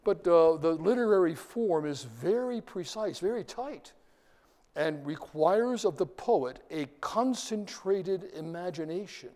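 A man's voice: high-pitched, animated, unhurried, darkish tone, big-room sound. A middle-aged man giving a classroom lecture, quizzing the class and reading verse aloud with rhythm. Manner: asks the class questions, reads verse aloud, taps out rhythms.

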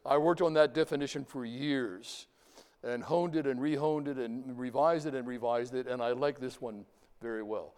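A man lecturing his class in a lively way, talking to students and chanting examples aloud. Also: medium pitch, moderate pace, clear, resonant tone. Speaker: university lecturer. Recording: reverberant lecture hall.

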